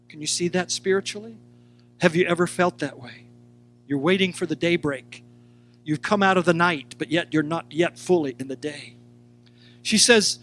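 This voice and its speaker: A man teaching a sermon in a high, lifted voice. He is animated, acts out the lines he quotes, and turns to talk straight to his listeners. Soft music sits faintly underneath. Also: unhurried. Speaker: Bible teacher.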